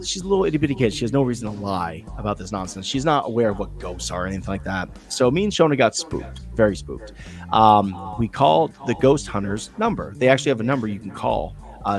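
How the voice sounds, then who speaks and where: A man co-hosting a podcast, telling a story in a rambling, profane, animated way, from New England. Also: on the low side. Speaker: podcast co-host. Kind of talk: casual storytelling chat.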